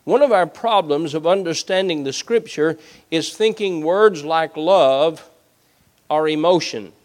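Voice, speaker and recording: Forceful preaching pastor, man. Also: fairly high pitch, measured pace. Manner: preaching with rising intensity, emphatic Bible reading. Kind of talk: sermon.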